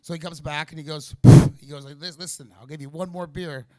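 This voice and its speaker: A man's voice: on the high side, fairly bright tone. A nervous man doing amateur stand-up, telling rambling jokes with lots of fillers and restarts. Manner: rambling, halting delivery with many fillers and restarts. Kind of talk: stand-up comedy set. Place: small comedy venue in a vape shop.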